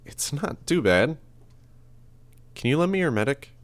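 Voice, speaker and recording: A man's voice: fairly high pitch, big pitch swings, measured pace, dry recording, pitched above the performer's own voice. A man voicing a wry, guarded teenage girl. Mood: curt.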